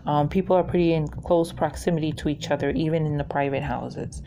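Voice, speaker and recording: A woman's voice: sits low, fairly even intonation, brisk, mellow, a little hiss or hum. A woman, hosting a craft channel and telling rambling stories in a casual chat while she works, laughing often. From New York.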